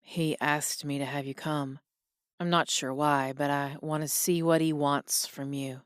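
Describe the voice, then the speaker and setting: A woman's voice: sits low, steady tone, a little slow, clear, resonant tone, no room sound, studio quality, voice pushed down. A woman voicing an anxious grown son. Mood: worried.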